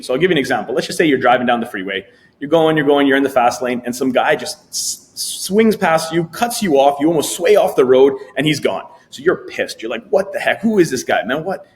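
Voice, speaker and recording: A man in his middle pitch range, speaking as a guest coach on a podcast. He explains things step by step and slips into lively, acted-out inner voices to show his points. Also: fairly quick. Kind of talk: explanatory interview talk.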